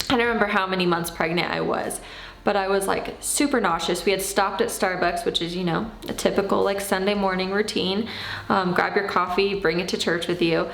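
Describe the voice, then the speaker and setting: A woman's voice: medium pitch, brisk, creaky. Chatty woman in an echoey room. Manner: animated, acts out her own past lines. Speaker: vlogger. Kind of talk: casual storytelling.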